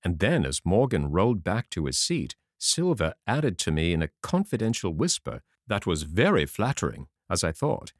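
A man narrating a classic adventure novel aloud in an expressive, lively storytelling manner. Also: sits low, moderate pace, hardly any pauses, no echo, studio quality. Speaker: audiobook narrator. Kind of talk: storybook reading.

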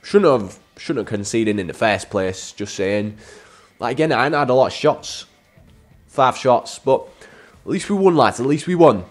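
A man giving casual, excitable commentary as he plays a football video game, calling out to his viewers as lads. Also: medium pitch, normal speed, faint music behind. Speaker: gaming YouTuber.

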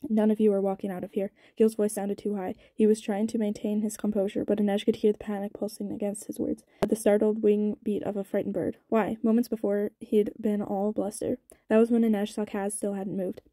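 A woman reading a novel aloud, quick, with small stumbles and restarts. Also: medium pitch, flat delivery, mellow, no echo. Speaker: audiobook reader.

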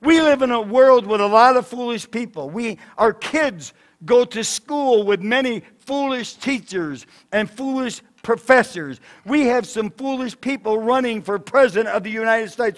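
High-voiced pastor preaching with rising fervor. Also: male voice, expressive, normal speed, few pauses. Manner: emphatic preaching, swinging between loud declarations and soft asides. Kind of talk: sermon. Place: church sanctuary.

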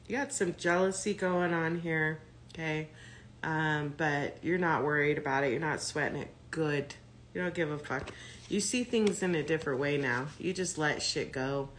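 A woman's voice: low voice, expressive, slow, pauses often, a bit bright. Blunt, cursing woman reading tarot. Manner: blunt, profane, thinking aloud. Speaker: tarot reader. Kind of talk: casual tarot reading to camera.

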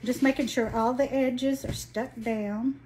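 A folksy woman in her late sixties with a broad Alabama drawl, chatting on a craft livestream as she works. Her voice sits a touch high and her talk is slow and unhurried. A faint hum of room noise stays under her voice. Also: steady tone, a little mellow. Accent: Southern US, Alabama. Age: 60s. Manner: folksy, chatty, greets viewers by name. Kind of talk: casual livestream chat while crafting.

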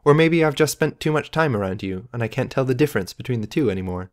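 A man's voice: mid-range voice, lively intonation, quick pace, lightly acted. A man voicing a teasing young woman whose speech carries a faint trace of accent, in an audiobook. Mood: playful. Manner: playful, teasing.

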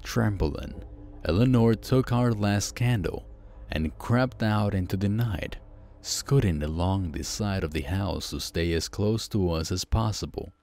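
A man narrating a first-person horror story, slow, hushed and suspenseful. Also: sits low, expressive.

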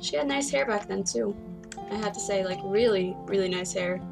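A woman's voice: mid-range voice, normal speed, creaky, over music. A woman casually commenting as she plays a video game, playful and chatty, throwing in "dude" and "like". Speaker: let's play gamer.

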